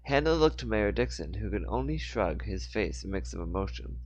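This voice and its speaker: A man's voice: on the low side, expressive, normal speed. A man reading a novel aloud informally, sometimes stumbling and correcting himself. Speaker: audiobook reader. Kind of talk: casual book reading aloud.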